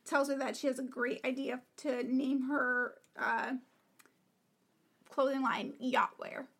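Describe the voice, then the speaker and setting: A woman's voice: sits high, flat delivery, slow pace, a bit bright, husky. A young woman co-hosting a podcast in casual, opinionated chat, sometimes dropping to a whisper. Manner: chatty, opinionated, often drops to a whisper. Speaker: podcast co-host.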